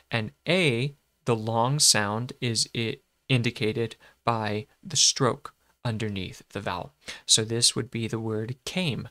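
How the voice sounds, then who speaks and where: Slow, bright-voiced man teaching. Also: medium pitch. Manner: patient, breaks words into sounds, self-correcting. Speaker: shorthand teacher. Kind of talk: explaining a lesson.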